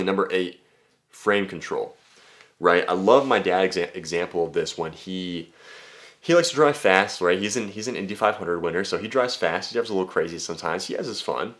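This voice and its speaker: A young man talking casually as a dating coach, brash and full of swearing, often slipping into high mocking voices. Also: fairly bright tone. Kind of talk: casual talking-head monologue.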